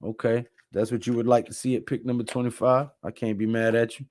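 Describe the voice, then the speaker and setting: Brief: male live-stream host, tired, laid-back, mellow dark tone, dry close sound. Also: medium pitch, level tone, fairly quick, dry recording. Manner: laid-back, reads chat comments aloud. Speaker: livestream host. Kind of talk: casual live-stream chat.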